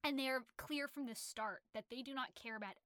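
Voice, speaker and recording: A woman with a bright, crisp voice sits close to the mic and chats about a novel, with no room sound around her. She retells the plot in an animated, rambling way, full of fillers and restarts, and her voice sits a little above the usual range. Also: sits high, a little fast, no room sound. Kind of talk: casual literary discussion.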